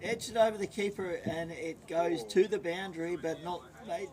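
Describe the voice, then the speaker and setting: A man's voice: high voice, steady tone, normal speed, a crowd in the background. A man co-commentating an amateur cricket match, with teasing banter.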